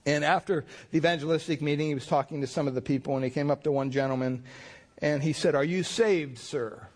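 A man's voice: a little high, flat delivery, fast talker. A male pastor preaching a sermon, telling stories in a folksy, rambling way. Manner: folksy storytelling with fillers.

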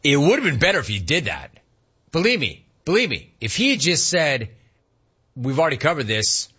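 A man hosting a sports talk radio show, teasing listeners with amused, rapid-fire rhetorical questions. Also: on the high side, wildly swooping pitch, sharp tone, slightly rough, muffled recording.

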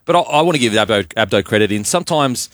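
A man's voice: medium pitch, lively intonation, fast talker, fairly bright tone, no room sound. A man co-hosting a casual sports radio chat, hesitant, with many restarts. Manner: hesitant, full of restarts and fillers. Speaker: radio co-host.

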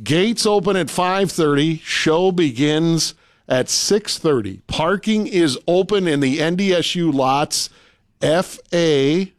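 A male radio co-host whose voice sits a touch high. He reels off times, prices and parking details in a brisk, matter-of-fact list. The sound is dry and close, with no room around it. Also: dry recording. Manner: reads event details in a brisk, listy way. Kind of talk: casual radio chat and announcements.

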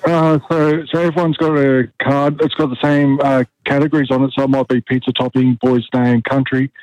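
A man's voice: mid-range voice, flat delivery, normal speed, a little mellow, no echo. A man with an Australian accent calling in to a radio show, explaining a game step by step. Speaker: caller. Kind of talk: phone-in call. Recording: dull phone line.

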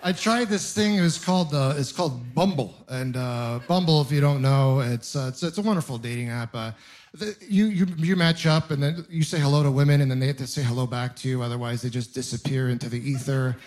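A man's voice: mid-range voice, fairly quick, a little mellow. A man in his thirties doing a conversational, self-deprecating stand-up routine with rambling asides. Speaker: stand-up comedian. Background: audience laughter.

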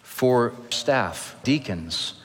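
A male pastor preaching an earnest expository sermon, slowing down to stress key phrases. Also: mid-range voice, animated, slight background noise. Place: church sanctuary. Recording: long hall reverb.

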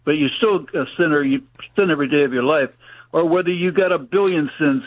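A man preaches with urgent, fervent conviction and homespun grammar, his voice sitting a little high. He comes through a tinny phone line on a radio show, dry and close. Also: brisk, no echo. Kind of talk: fast evangelistic preaching.

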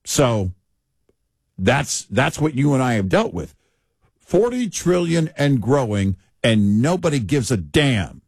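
A man hosting a political talk show, speaking with frustrated emphasis and sharp rises. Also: mid-range voice, sing-song, slow pace, breathy edge, dry recording, clean studio sound. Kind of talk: political talk radio commentary.

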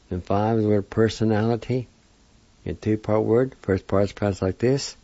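A man's voice: on the low side, normal speed, mellow, dry recording. A man giving a weekly pronunciation lesson, spelling and sounding out words syllable by syllable. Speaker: language teacher. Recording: dull lo-fi recording.

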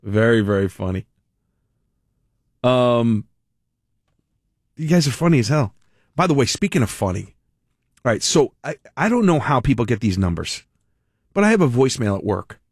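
A man's voice: medium pitch, sing-song, moderate pace, pauses often, dry recording, clean studio sound. A man hosting a radio talk show, chatting casually, rambling with restarts and frequent laughter. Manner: rambling, laughing, self-interrupting.

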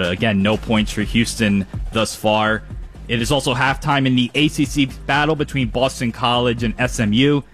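A man's voice: medium pitch, a bit bright. A man with a New York–New Jersey accent giving a loose, ad-libbed sports scores update. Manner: loose, ad-libbed, hesitant delivery.

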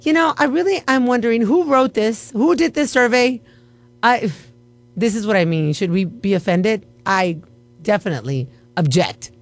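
A woman's voice: fairly high pitch, lively intonation, normal speed, no echo. A woman radio host in a chatty segment, playful and mock-offended, laughing often.

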